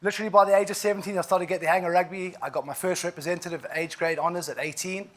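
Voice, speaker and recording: Racing along in a high, fairly even, fairly bright voice, a South African-accented man of about forty gives an inspirational keynote. He tells his story vividly and emphatically, sprinkling in frequent asides.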